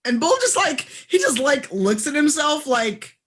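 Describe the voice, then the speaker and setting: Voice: sits high, animated, measured pace, a bit bright. A game master narrating a tabletop role-playing game in a casual, rambling way, full of fillers.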